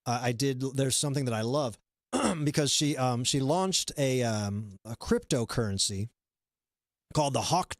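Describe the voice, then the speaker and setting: A man's voice: mid-range voice, lively intonation, measured pace, no room sound, studio quality. A man hosting a comedy live stream, chatting casually and rambling with lots of fillers and restarts. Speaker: comedy show host.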